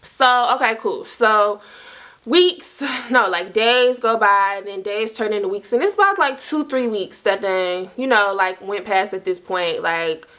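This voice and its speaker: A woman's voice: mid-range voice, measured pace, pushed and bright. A young woman casually telling a personal story to her viewers, chatty and slangy, full of asides to the audience. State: dry mouth. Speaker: storytime vlogger.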